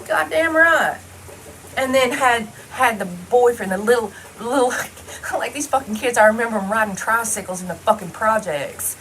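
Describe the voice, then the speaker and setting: A woman's voice: fairly high pitch, lively intonation, moderate pace, fairly bright tone, a little hiss or hum, poor audio. A woman talking straight to the camera in a casual personal monologue, blunt and heavily profane, rambling loosely from one thought to the next. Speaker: vlogger.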